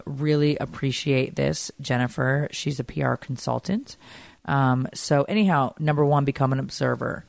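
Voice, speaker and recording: A middle-aged woman co-hosting a podcast, telling stories in animated, chatty conversation. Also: very deep voice, gravelly, no room sound. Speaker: podcast co-host. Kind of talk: casual chat.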